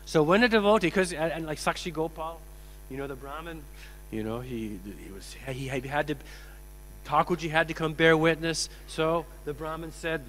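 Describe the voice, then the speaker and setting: Animated man preaching in an echoing hall. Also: fairly high pitch, normal speed. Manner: animated, acts out quotes, laughs. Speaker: swami giving a lecture. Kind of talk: sermon with storytelling. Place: temple hall. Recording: echoey hall with mains hum.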